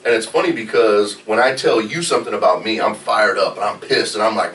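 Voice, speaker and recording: Male co-host, low-pitched, animated, recorded off-mic in an echoey room. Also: a little fast, few pauses. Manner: animated, swears, mimics others. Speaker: podcast co-host. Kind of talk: casual chat. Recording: roomy echo, distant mic, faint hiss.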